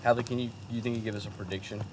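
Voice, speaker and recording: A man's voice: fairly low pitch, fairly even intonation, rapid-fire, over a noisy crowd. A man chatting playfully and cheerily with kids at an outdoor river camp. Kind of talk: casual chat. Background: music.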